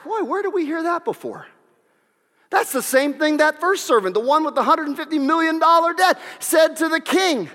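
A man pastor preaching a sermon in a church sanctuary, animated, with shouted peaks and whoops. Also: very high-pitched. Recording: long reverb of a large hall.

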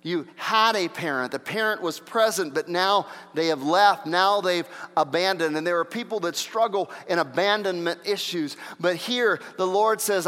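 A man preaching a sermon as pastor, swinging from emphatic, rising repetition to quieter, intimate explanation. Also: high voice, moderate pace, hardly any pauses, in a large hall.

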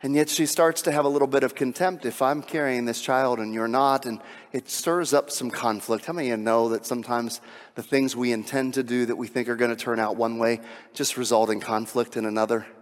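A man preaching a sermon with emphatic delivery, swinging from hushed, intimate passages to shouted climaxes. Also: mid-range voice, fairly even intonation, fairly quick, long reverb tail. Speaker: pastor.

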